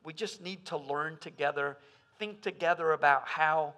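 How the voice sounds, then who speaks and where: A man preaching a sermon as pastor, swinging between loud emphasis and hushed asides. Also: fairly high pitch, moderate pace.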